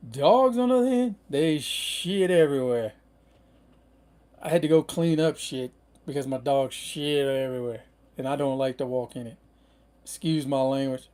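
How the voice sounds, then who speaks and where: A man's voice: mid-range voice, dark tone. A middle-aged man hosting a casual livestream, rambling in a laid-back way with lots of fillers. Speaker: van-life livestream host.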